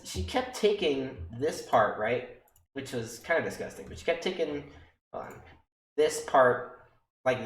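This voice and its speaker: Brief: young man streaming, loose and swearing, mid-pitched, echoey room. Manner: rambling and profane, checks in with "okay?" and "right?". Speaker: EMS worker telling stories on stream. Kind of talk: casual storytelling on a livestream.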